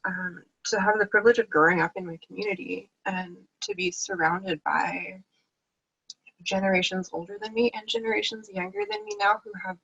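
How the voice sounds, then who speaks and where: Woman on a webinar panel, husky bright voice, heartfelt, muffled lo-fi call sound. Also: fairly low pitch, no room sound. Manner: earnest, heartfelt, tearful at times. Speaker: panelist, book contributor. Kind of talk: emotional webinar panel talk. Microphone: video call.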